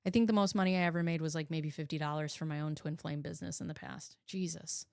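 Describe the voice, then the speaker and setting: A woman's voice: low voice, steady tone, fast, gravelly, a little mellow, no room sound, studio quality. A woman hosting a live reaction stream, talking bluntly and sarcastically and swearing freely. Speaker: host reacting to video clips. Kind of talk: casual live reaction commentary.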